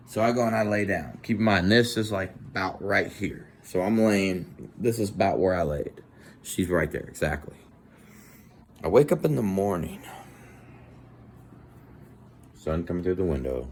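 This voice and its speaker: A man with a fairly low voice tells a comic personal story. He swears freely and acts scenes out in an animated way, with a loose, casual delivery. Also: normal speed, slight background noise.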